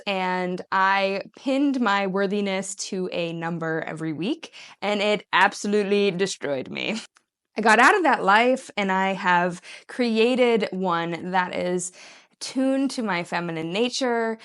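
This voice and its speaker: Woman self-help coach, earnest and upbeat, mid-pitched, talking straight to the viewer. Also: clean tone. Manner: earnest, encouraging, breaks into bright mock-cheery voices for quoted lines. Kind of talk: casual talk to camera.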